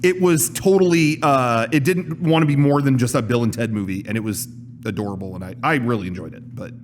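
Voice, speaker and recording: A man's voice: mid-range voice, fairly quick, slight background noise. A man co-hosting a casual podcast, telling a story and acting out the lines people said. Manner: animated storyteller, acts out quoted lines. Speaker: podcast co-host.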